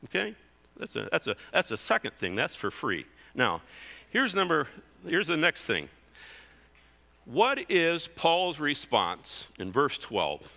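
Male pastor mid-sermon, bright and expressive delivery, church sanctuary echo. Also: a little high, slow pace, creaky. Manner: animated preaching, reading scripture aloud. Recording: church hall reverb.

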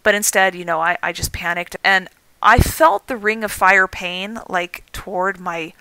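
A woman's voice: on the low side, unhurried, clean tone, no room sound, low-quality recording. A woman in her thirties with an American accent, hosting a podcast and candidly retelling a personal story. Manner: candid, animated retelling with self-deprecating laughs. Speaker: podcast host.

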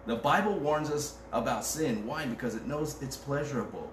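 At normal speed and in a mid-range voice, a man preaches as pastor in a church, keeping the sermon conversational with casual jokes and scripture read aloud. The recording is roomy, distant, and has background noise.

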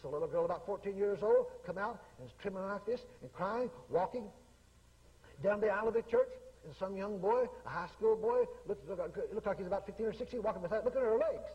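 A man's voice: high voice, fast, husky, big-room sound, muffled recording. A man preaching in a folksy storytelling way, often repeating his phrases. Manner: folksy, repetitive, acts out quotes. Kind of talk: sermon storytelling.

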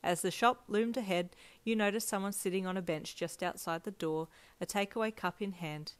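A woman narrating a second-person fanfiction story in a gentle, even storytelling manner. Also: medium pitch, moderate pace, no echo.

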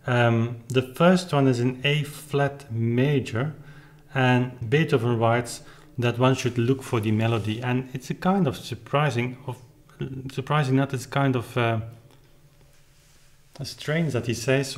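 A man's voice: medium pitch, fairly even intonation, a little slow, faint music behind. Thoughtful man explaining his playing. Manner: thoughtful, searching for words, explanatory. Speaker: clavichord player explaining his recording. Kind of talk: reflective spoken commentary with demonstrations. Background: faint clavichord playing between remarks.

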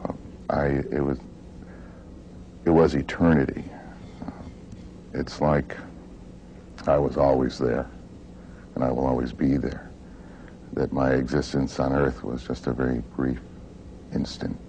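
A man recounting a near-death experience in a halting way, with frequent hesitations. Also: rumbling low, level tone, gravelly, mellow, slight background noise, poor audio. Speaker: interviewee.

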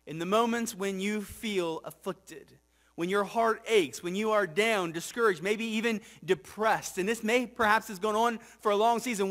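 A male pastor delivers a sermon to his congregation in a church sanctuary. His voice sits high, and he moves between earnest questions to the room and quiet, low readings of scripture. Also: animated, normal speed. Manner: reflective preaching, often drops soft and low for scripture; asks the congregation rhetorical questions, frequent "right?".

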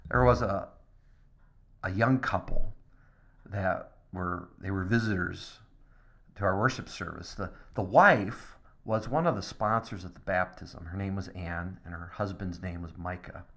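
A man, a pastor, giving a podcast devotional talk, dropping to a soft near-whisper at times and lifting into excited bursts. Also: sits low, a little slow.

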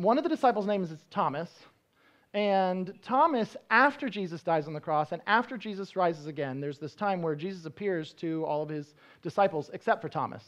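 A man's voice: high voice, dull audio. A male pastor preaching a sermon in a conversational, explanatory way, often restarting his sentences.

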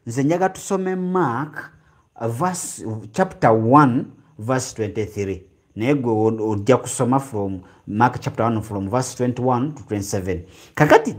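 A man with a Ugandan accent preaching a teaching sermon, drawing out key phrases slowly and then rushing ahead. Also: mid-range voice, big pitch swings, a little mellow.

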